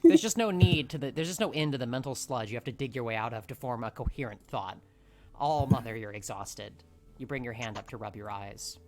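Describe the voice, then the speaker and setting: A man's voice: mid-range voice, lively intonation, a little fast, a little mellow. A man hosting a let's play, reading game narration aloud and breaking off to joke. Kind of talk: narrating a visual novel aloud.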